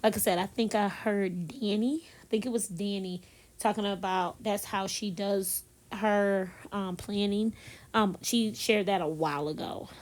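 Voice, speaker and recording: A woman recording a casual, chatty voiceover in her bedroom, talking softly, laughing at herself and speaking straight to her viewers. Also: medium pitch, steady tone, a little slow. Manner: talks softly so as not to disturb someone nearby. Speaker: planner vlogger. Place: bedroom at home.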